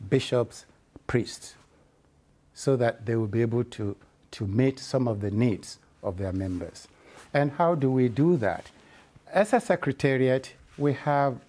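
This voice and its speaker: A man's voice: mid-range voice, mellow. A man who leads a church body gives an earnest spoken report to members. He stops and restarts his words often. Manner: halting, with many repeated restarts. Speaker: church leader giving a report.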